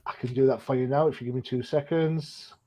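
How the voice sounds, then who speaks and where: A man's voice: mid-range voice, steady tone, fairly quick, mellow. An older man hosting a podcast, talking casually and joking at his own expense, with plenty of fillers. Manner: chatty and self-deprecating, many fillers. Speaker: podcast host. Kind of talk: casual chat. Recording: dull lo-fi sound.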